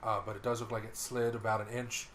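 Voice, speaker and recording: A man's voice: fairly low pitch, level tone, fast talker, a bit bright, slight background noise. A man narrating as game master in a tabletop game, laid-back and stopping for fillers.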